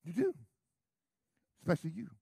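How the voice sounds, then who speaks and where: A middle-aged American man, a pastor, preaching a brash, sarcastic sermon that swings from quiet asides to shouts. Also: high voice, very animated, moderate pace, creaky, slightly rough, dry recording, studio quality. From United States.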